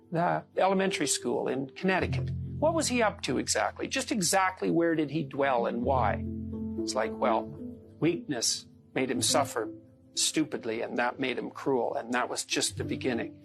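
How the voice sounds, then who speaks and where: A man's voice: on the high side, animated, moderate pace, vocal fry. A man speaking in an emphatic lecturing manner, in a clip played with music underneath.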